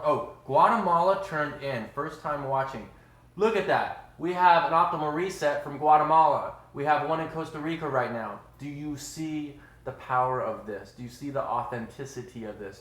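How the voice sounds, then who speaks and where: Chatty man, live-stream host, mid pitch, roomy kitchen echo. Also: a bit bright. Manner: upbeat, chatty, says "y'all" a lot. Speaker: livestream host. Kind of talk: casual live-stream chat. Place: home kitchen.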